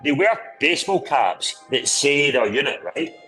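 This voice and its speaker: A man's voice: fairly high pitch, very animated, measured pace, pushed and bright, rough recording. Swearing man, boisterous rambling. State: drinking. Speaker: podcast host. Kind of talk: casual pub-style chat with swearing.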